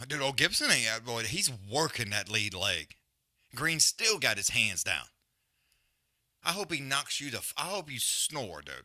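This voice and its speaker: A man's voice: mid-range voice, very animated, unhurried, sharp tone, no room sound, studio quality. A man hosting a live fight-watch stream, ranting bluntly with heavy swearing and loose slang, then calling the action. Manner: rambling with restarts and trailing mutters. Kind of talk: profane casual rant and fight commentary.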